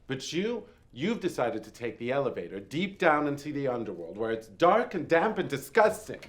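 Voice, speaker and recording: An actor playing a flamboyant, sarcastic male djinn spirit who speaks with theatrical, drawn-out emphasis in a film drama. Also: mid-range voice, big pitch swings, natural voice. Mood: teasing. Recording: roomy echo with faint music.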